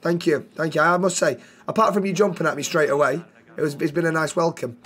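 A man's voice: a little high, fairly even intonation, fast talker, crowd noise, lightly acted. A man role-playing a friendly, curious customer in a game, with a British accent and a habit of calling people love and mate.

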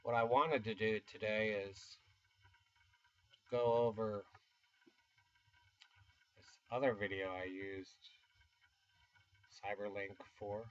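A man's voice: lowish voice, flat delivery, slow pace, long pauses, highs cut off. A man in his fifties from the United States, rambling casually and self-deprecatingly in a vlog, with chuckling asides. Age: 50s. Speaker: YouTuber. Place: home studio.

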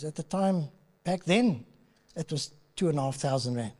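A man's voice: fairly high pitch, animated, normal speed, darkish tone. A man preaching a sermon as pastor, telling a family story in a conversational way and acting out the dialogue. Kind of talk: sermon with personal stories. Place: church auditorium. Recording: reverberant church hall.

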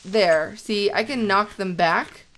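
A woman chatting casually while playing a video game with a friend, animated and prone to shrieks when startled. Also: medium pitch, slow. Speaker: co-host of a gaming let's play. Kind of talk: casual gameplay chat.

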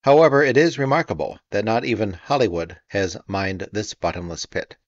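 A man narrating a history audiobook in a measured, wry manner, on a dull, slightly muffled recording. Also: on the low side, no room sound. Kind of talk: scripted narration.

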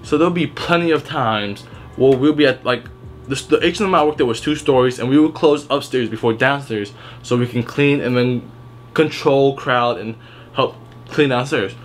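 A young man at an average pitch vents about retail customers in a loose storytime vlog. He swears constantly, restarts his sentences and never softens anything. Faint music plays softly behind him. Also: normal speed. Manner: blunt, heavily profane, rambling with restarts. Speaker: retail worker telling stories.

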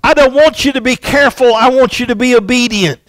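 Man doing a loud, high-pitched neighbor lady shouting from her window, sermon story. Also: brisk, no echo, rough recording. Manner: shouting commands. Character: cross neighbor woman yelling from her window.

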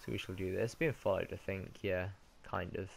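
A man's voice: sits low, steady tone, moderate pace, creaky, slight background noise. A man with a British accent giving casual let's-play commentary, rambling and correcting himself as he goes. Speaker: gaming commentator.

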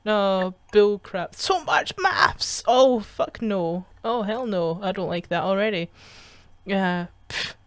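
A woman's voice: mid-range voice, animated, slow pace, no room sound. A young woman giving casual gaming commentary as she reads chat messages aloud, swearing and laughing often, with a sarcastic edge. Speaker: gaming streamer.

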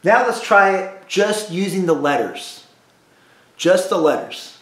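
A music teacher drilling students through call-and-response practice, patient and repetitive. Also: male voice, sits high, lively intonation, takes it slowly, a bit bright, echoey room. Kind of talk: recorded music lesson for students.

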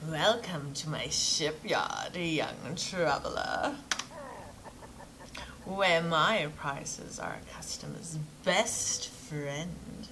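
A woman's voice: deep voice, drawn-out words, noisy background, pitched below the performer's own voice, full character voice. A woman doing a boastful shipbuilder with a slipping English accent. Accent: put-on English turning Australian. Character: gruff male shipbuilder, boastful salesman.

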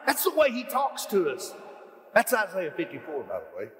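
Lively high-voiced preacher. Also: male voice, normal speed, big-room sound. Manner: folksy, animated preaching with rising emphatic questions. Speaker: pastor. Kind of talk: sermon. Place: church hall.

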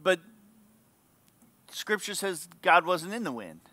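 A man's voice: sits high, big pitch swings, takes it slowly, sharp tone, no room sound. A male pastor giving an earnest, emphatic sermon.

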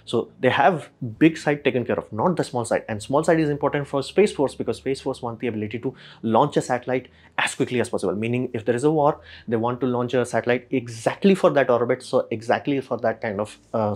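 Guy with rattling through space news, quick and chatty, keeps doing little pretend conversations. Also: medium pitch, darkish tone. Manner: rapid, filler-heavy, acts out imagined dialogue. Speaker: space channel host. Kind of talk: casual explainer talk.

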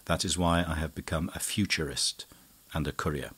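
A man voicing a flamboyant young male schemer who declaims gravely. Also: rumbling low, fairly even intonation, moderate pace, fairly bright tone, heavily acted. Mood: declaiming.

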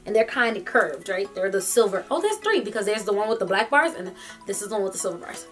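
A young woman vlogger telling a story in a casual, animated, slangy way from a room in her parents' home. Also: medium pitch, fast talker, faint music behind.

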